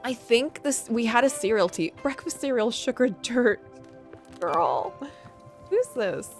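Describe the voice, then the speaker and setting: A woman's voice: a little high, expressive, unhurried. A young adult woman streaming a game, chatting casually and giggling, with the odd swear word. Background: faint game music.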